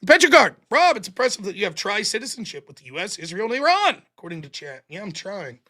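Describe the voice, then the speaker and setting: A man hosting a live stream, reading viewer messages aloud with sarcastic, animated commentary. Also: sits high, quick pace. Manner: sarcastic and animated, mocking repetition. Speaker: livestream host.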